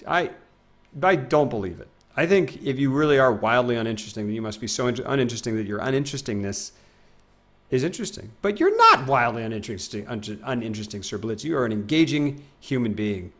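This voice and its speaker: Young guy streaming games, gravelly voice, rambly and self-mocking, mumbles off at the ends. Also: medium pitch, very animated, brisk, a bit bright. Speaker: game streamer. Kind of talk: casual live-stream chat.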